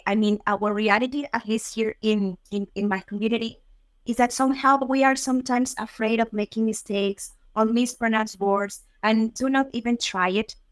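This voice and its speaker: A woman's voice: a little high, no echo. Hesitant interviewer woman. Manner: hesitant, many "I mean" fillers. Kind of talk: casual interview conversation.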